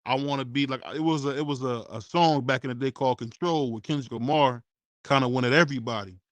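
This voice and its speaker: A man hosting a casual sports talk show, relaxed and conversational, often tagging his sentences with "man.". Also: medium pitch, fast talker, no room sound.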